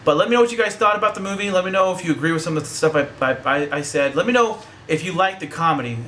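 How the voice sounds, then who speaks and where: A man's voice: high-pitched, racing, fairly bright tone, slight background noise. A young man giving a casual, joking, profane movie review that rambles along.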